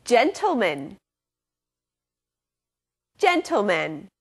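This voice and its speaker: A woman's voice: mid-range voice, wildly swooping pitch, extremely slow, slightly rough. A woman hosting a children's English lesson show, with a bubbly teacher's delivery. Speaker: host.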